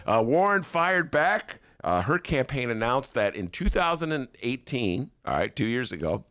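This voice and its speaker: A man with a Chicago accent hosts a casual political talk show from a studio, teasing his listeners and hyping every fight. His voice swings widely in pitch, and the sound is dry and close. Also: moderate pace, no room sound. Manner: animated, jokey, hypes things up, does mock voices. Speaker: podcast host.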